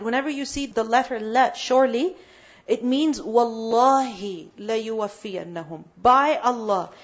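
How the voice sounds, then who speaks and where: A woman's voice: sits high, muffled recording. A woman teaching a Quran lesson. She poses questions and answers them herself, and she builds emphasis through repetition.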